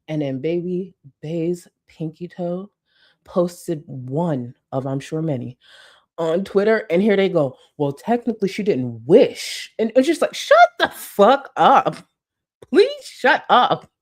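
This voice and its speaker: Lively-voiced woman commentating casually. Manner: animated, swings into exaggerated high exclamations; laughs through lines. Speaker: commentary channel host.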